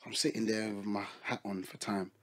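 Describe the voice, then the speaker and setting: A man's voice: fairly low pitch, a little fast, noisy background. A young man, telling a funny story in casual chat and laughing a lot as he goes. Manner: animated, laughing storytelling in slang.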